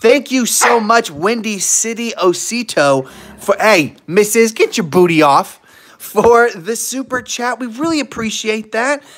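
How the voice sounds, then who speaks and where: An upbeat livestream host reading out chat names and laughing often. The talk is casual and relaxed. The pitch swings up and down a lot. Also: unhurried. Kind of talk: casual live-stream chat.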